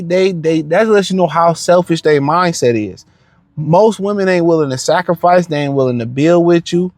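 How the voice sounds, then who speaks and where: A man with a high, gravelly voice, recorded dry, reacts bluntly to a clip. His commentary is a profane rant packed with slang, repeated words and fillers.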